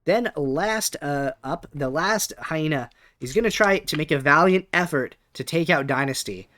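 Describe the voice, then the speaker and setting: A man's voice: a little high, animated, normal speed, a bit bright, dry recording. A man narrating a tabletop game as game master, rambling with many fillers. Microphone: webcam setup.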